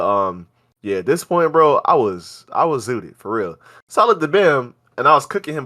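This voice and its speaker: A young man, a podcast co-host telling a casual, slang-heavy story and acting out what people said. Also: medium pitch. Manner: animated, slangy, acts out quoted lines.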